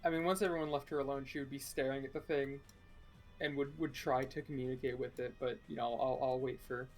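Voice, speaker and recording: A man's voice: mid-range voice, fairly even intonation, fairly quick, soft background music. A man playing a tabletop role-playing game, speaking bluntly and swearing in character. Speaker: player.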